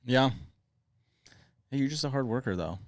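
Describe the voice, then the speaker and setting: A man tells a relaxed sales story on a podcast, laughing easily as he goes. His voice is smooth and resonant. The mic is close, and the sound is dry with no room echo. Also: mid-range voice, moderate pace. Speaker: sales executive, podcast guest. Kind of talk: casual podcast chat.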